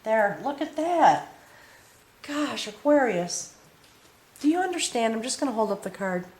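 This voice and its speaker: A woman giving an emotional, earnest spiritual tarot reading, talking straight to the viewer and often checking in with a soft "okay?". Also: fairly high pitch, sing-song, unhurried. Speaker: tarot reader.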